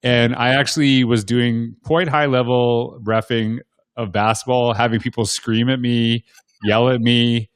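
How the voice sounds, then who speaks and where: Brief: male educator, mid pitch, loose rambling anecdotes, dry close sound. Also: steady tone, a little slow, clear, resonant tone, dry recording. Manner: rambling, many restarts and "like"s. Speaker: guest panelist, educator and former basketball referee. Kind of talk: casual storytelling on a video panel.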